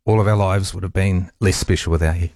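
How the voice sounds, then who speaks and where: Man in his 40s, radio talk host, deep voice, halting heartfelt tribute, dry close mic. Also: fairly even intonation, a little mellow, no room sound. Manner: halting, with restarts and pauses.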